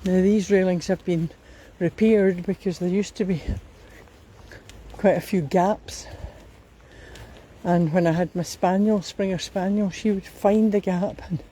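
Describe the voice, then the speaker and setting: A woman with a Scottish accent chatting while out walking in a riverside park, unhurried and a little out of breath. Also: on the low side, fairly even intonation, dark tone, a little hiss or hum, rough recording. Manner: chatty, unhurried, talks to her dogs. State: slightly out of breath. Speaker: vlogger. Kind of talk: casual walking commentary.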